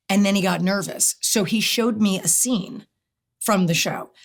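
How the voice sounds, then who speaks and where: Middle-aged woman spinning a story in a chat, animated, keeps acting out the quotes. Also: medium pitch, a little slow. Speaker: guest. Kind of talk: casual storytelling interview.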